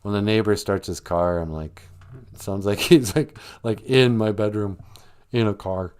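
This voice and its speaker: A man's voice: fairly low pitch, moderate pace, a little mellow, clear, resonant tone. A man hosting a casual livestream from a small room at home, rambling and joking as he muses aloud with a lot of laughing. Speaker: livestream host.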